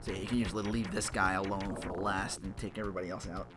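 A man's voice: low-pitched, little pitch movement, fast talker. A man giving casual, rambling gameplay commentary, cursing freely and cracking jokes as he plays. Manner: rambling, profane, joking asides. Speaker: let's play host. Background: game music.

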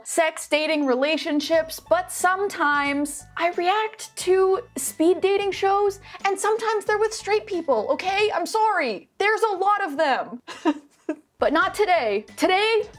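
A young adult woman hosting a casual reaction vlog to camera, bubbly and self-teasing, tossing in quick asides and laughs. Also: high-pitched. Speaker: YouTube reaction host.

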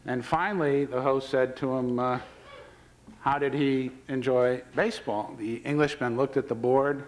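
A man's voice: medium pitch, steady tone, a little slow, rough recording. A man who serves as baseball commissioner, giving a public speech full of anecdotes and delivering them with dry wit. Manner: storytelling with dry wit, retelling quoted dialogue.

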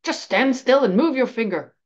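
Woman doing a gruff, cross old wizard professor. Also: medium pitch, expressive, moderate pace, dull audio, natural voice. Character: stern cynical older male wizard professor.

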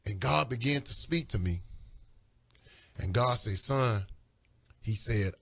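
A man's voice: medium pitch, normal speed, a bit bright. A man talking on a studio radio show, preaching with growing fervor and pleading urgency. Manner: preaching fervently, voice rising and pleading. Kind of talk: impassioned religious radio talk. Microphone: studio microphone.

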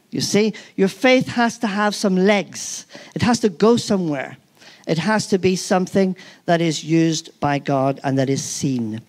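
A man's voice: sits high, a little mellow. A man preaching a sermon, earnest and emphatic, repeating key phrases and often restarting his sentences. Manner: halting with frequent restarts.

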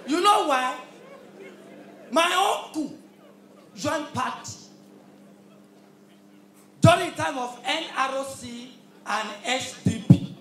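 A Nigerian man working a live crowd as MC. His voice sits very high and swoops all over as he punches out shouted lines with hums in between. The hall rings around him, with an audience murmuring behind. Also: animated, slow pace, pauses often. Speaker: comedian and MC. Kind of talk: stand-up comedy. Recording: echoey hall, crowd noise.

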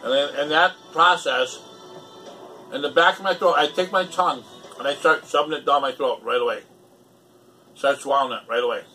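A man with a sharp, bright voice speaks casually to his viewers, stressing his warnings and begging them again and again. He sits some way off from the mic. Quiet music plays underneath. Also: mid-range voice, fairly quick, long pauses. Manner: repeats pleading warnings, emphatic. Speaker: YouTuber. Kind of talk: casual talk to camera. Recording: distant mic with faint music behind.

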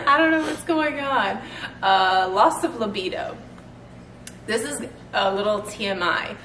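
A woman's voice: medium pitch, animated, a little slow, fairly bright tone, far from the mic. A woman in her thirties chatting casually in a vlog, laughing often as she talks. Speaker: fitness vlogger. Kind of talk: casual chat. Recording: roomy sound from off-mic, faint noise.

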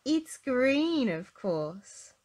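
A clever little storybook girl, high and bright with a quick know-it-all snap, as a woman reads her aloud. Her voice bounces up lively and sure. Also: full character voice. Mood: eager. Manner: bright, eager answers.

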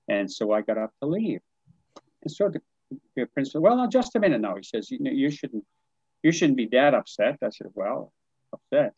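An older man from New Brunswick, Canada, recounts a story as a podcast guest and acts out every exchange. His voice is husky and sits at an ordinary pitch. The audio is dry and a little dull. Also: dry recording. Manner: animated, acts out quoted dialogue, chuckles often. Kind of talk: storytelling in conversation.

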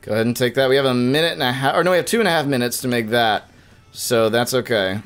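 A young man giving casual, jokey live-stream commentary while playing a video game, with quick bursts of frustration. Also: medium pitch, clear, resonant tone, faint music behind.

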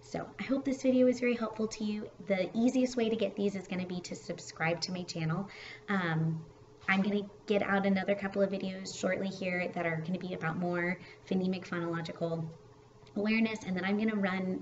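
A woman's voice: lowish voice, a little hiss or hum. Chatty woman teacher on a dull home recording. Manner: chatty, relaxed, with fillers and restarts. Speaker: kindergarten teacher. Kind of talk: casual teaching video for parents.

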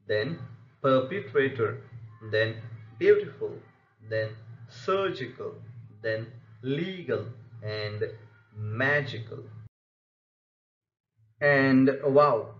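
A man's voice: medium pitch, a bit bright. A male teacher giving a methodical pronunciation lesson and repeating example words with care. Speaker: English teacher. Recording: echoey room, slightly muffled lo-fi sound.

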